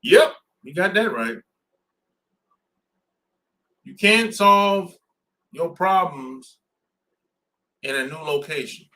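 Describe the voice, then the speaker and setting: Brief: man, podcast host, bright lively voice, blunt slangy talk with frequent laughs. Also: a little high, slow, pauses often. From southern United States. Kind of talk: casual podcast chat.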